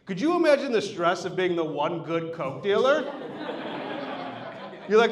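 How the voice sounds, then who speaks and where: A man's voice: fairly high pitch, expressive, normal speed. A man headlining a live stand-up comedy set, telling loose, profane stories into a stage mic. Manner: loose, profane, storytelling delivery. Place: live comedy show at an art venue. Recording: echoey room.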